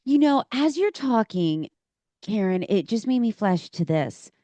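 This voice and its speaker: A woman's voice: medium pitch, sing-song, a little slow, warm tone, dry recording, lo-fi sound. A woman hosting a podcast, chatting casually and encouraging her guest, often calling her "girl". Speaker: podcast host. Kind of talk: casual conversational interview.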